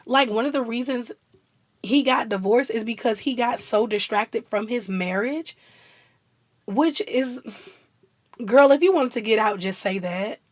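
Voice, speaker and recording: A woman's voice: a little high, measured pace, long pauses, no echo. A young woman chatting casually and laughing often as a vlogger. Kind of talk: casual chat.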